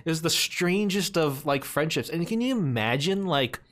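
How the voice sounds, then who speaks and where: A man co-hosting a podcast, telling stories in casual chat with animated, laughing delivery. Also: a little high, moderate pace. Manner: animated storytelling, laughing often. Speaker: podcast co-host.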